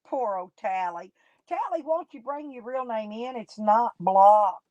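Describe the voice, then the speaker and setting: A woman's voice: on the high side, lively intonation, measured pace, darkish tone, no room sound, dull audio. A woman streaming live, chatting casually with her viewers and gossiping about people in her chat in folksy, colloquial talk.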